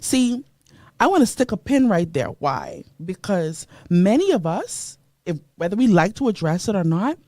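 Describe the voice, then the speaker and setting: A woman's voice: medium pitch, sing-song, normal speed, mellow, no room sound. A woman from the Bahamas hosting a motivational radio show, emphatic and preachy, greeting listeners by name from a studio mic.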